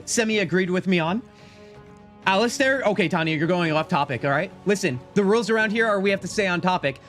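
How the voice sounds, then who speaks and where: Lively, upbeat male game streamer. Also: a little high. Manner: playful, chatty, talks straight to his chat. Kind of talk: live-stream gameplay commentary.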